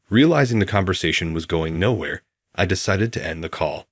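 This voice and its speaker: A man narrating a first-person story in a calm, even, scripted storytelling manner. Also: low voice, brisk, breathy edge, dry recording, studio quality.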